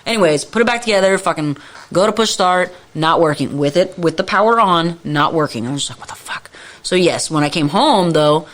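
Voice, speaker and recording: A woman's voice: lowish voice, expressive, brisk. A woman co-hosting a podcast, telling a story in casual chat with constant swearing and exasperated venting, acting out her own past lines. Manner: profane, exasperated ranting. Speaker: podcast co-host.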